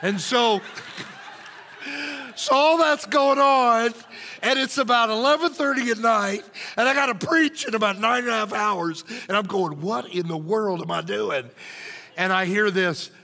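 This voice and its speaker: Bright-voiced preacher in a hall. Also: male voice, high-pitched, measured pace, vocal fry. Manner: animated, jokey, acts out shouting crowds. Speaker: pastor. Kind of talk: storytelling sermon.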